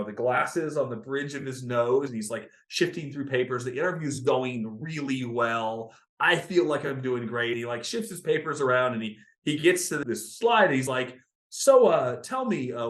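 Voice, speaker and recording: A man in his thirties, a podcast guest telling his story in an interview, animated and acting out the people he quotes. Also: mid-range voice, moderate pace, few pauses. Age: 30s. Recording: roomy echo.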